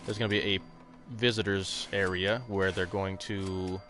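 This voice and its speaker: A man's voice: sits low, flat delivery, measured pace, a bit bright, faint music behind. A man hosting a casual let's play stream, rambling and swearing, with lots of fillers. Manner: rambling, profane, full of fillers. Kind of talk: casual gameplay chat.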